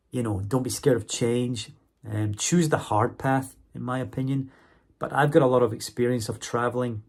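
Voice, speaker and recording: A man's voice: fairly low pitch, a little mellow, husky. A man talking casually to his viewers in a vlog, chatty, often checking in with "okay?" and "right?". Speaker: vlogger and English teacher.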